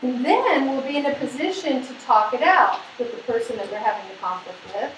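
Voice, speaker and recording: High-voiced woman lecturing in an echoey hall. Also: fairly quick, a little hiss or hum. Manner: lively, asks the audience questions, acts out quoted people. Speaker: seminar presenter. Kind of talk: lecture to a women's group. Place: hall or meeting room. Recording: echoey room, mic at a distance.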